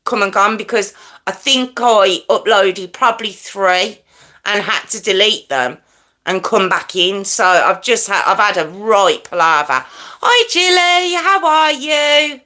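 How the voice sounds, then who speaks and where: A woman's voice: medium pitch, animated, measured pace. Chatty woman livestream host. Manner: chatty, greets viewers by name, self-described loud and hyped. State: wheezy chest. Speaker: true crime livestream host. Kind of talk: casual livestream chat with viewers.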